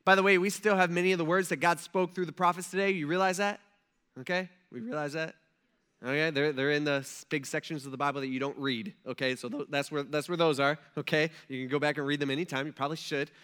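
A man's voice: fairly high pitch, steady tone, fast talker, a bit bright, clean tone. A man preaching a sermon in a conversational way, often checking in with his listeners. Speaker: pastor.

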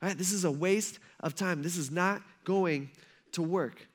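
A man's voice: high voice, measured pace. A man voicing a tired adult fisherman, who sighs and turns down a request politely but grudgingly. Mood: reluctant. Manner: laid-back, sighing, politely grudging. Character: reluctant weary adult male fisherman.

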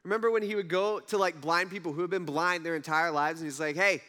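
High, bright-voiced man preaching casually. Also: fast talker. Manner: animated, conversational retelling with acted-out quotes. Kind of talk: casual storytelling sermon.

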